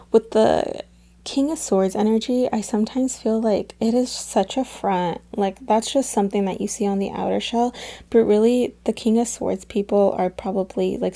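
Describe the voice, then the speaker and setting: A woman's voice: medium pitch, gravelly, dark tone. A woman doing a casual tarot reading, chatting straight to her viewers and calling them her loves. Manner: chatty, addresses viewers as "my loves" and "you guys". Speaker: tarot reader.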